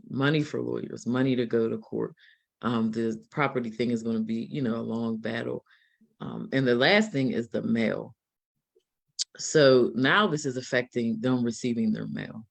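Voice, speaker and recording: Male host of a live stream, mid-pitch, hesitant delivery with plenty of fillers. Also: steady tone, normal speed, vocal fry.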